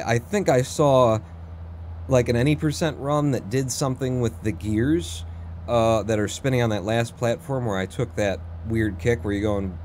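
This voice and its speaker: A man giving live commentary while he plays through a speedrun, excitable and talking quickly, with sudden jumps in pitch. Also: a little hiss or hum. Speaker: speedrunner streamer.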